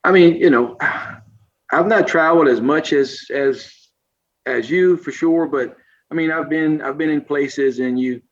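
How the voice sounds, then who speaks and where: A man from South Louisiana with a thick Cajun accent spins folksy stories in a casual chat. His voice sits a touch high, and he often breaks into laughter or mimics the people he talks about. The recording sounds dull and lo-fi. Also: a little slow. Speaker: podcast guest. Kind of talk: casual storytelling.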